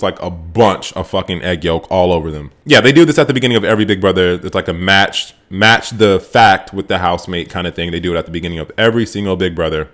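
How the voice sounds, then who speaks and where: A man casually recapping a reality show episode, sarcastic and animated, swearing freely as his voice jumps up with excitement. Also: low voice. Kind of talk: casual profane recap commentary.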